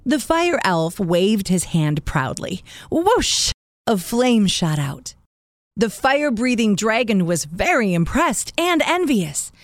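A woman narrating a children's story in a scripted, expressive way, voicing the sound words with gusto. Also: medium pitch, slow pace, no room sound, studio quality.

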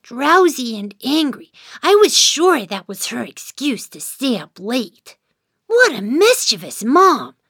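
A woman voicing a sleepy, patient young child who narrates a children's cartoon, in a gentle storytelling manner. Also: high-pitched, sing-song, slow pace, slightly rough, dry recording, studio quality, exaggerated voice. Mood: narrating.

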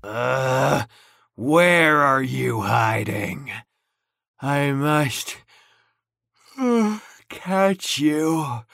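A woman's voice: rumbling low, animated, fairly bright tone, no echo, studio quality, pitched below the performer's own voice, heavily acted. A woman voicing a big grumpy male dinosaur who growls threats in a storybook tale. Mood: drowsy. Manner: gruff, slow, threatening.

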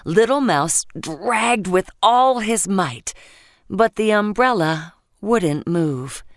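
Gentle woman reading a bedtime story. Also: medium pitch, takes it slowly. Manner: gentle, expressive, with sound effects. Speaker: narrator. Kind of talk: children's bedtime story narration.

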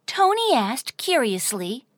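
A woman narrating a children's audio story in an expressive, sing-song, deliberate way. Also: sits high, dry recording, studio quality.

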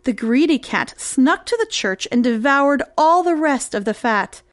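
A woman tells a fairy tale in a high, lilting voice that moves lively up and down. Her storytelling is expressive and sing-song, and the recording is close and dry. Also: unhurried, dry recording. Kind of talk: scripted fairy-tale narration.

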